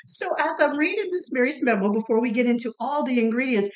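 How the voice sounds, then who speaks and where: A playful middle-aged woman chats and giggles her way through a casual podcast conversation. Her voice sits a little high. The room around her is echoey. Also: animated, fast talker. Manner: giggly, playful, often laughing. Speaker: podcast co-host. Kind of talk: casual chat.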